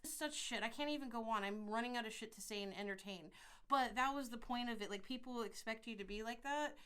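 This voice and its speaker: A middle-aged woman from California talks through a podcast monologue in a blunt, profane, rambling way. Her voice sits a little high, and she often restarts her sentences. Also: a little fast, a bit bright, clean tone. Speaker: podcast host. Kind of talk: casual monologue.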